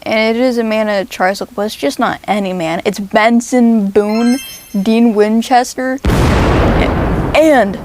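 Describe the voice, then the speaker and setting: Slow-talking woman telling a story. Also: on the high side, a little hiss or hum, rough recording. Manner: deadpan absurd narration. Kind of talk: rambling comedic storytelling.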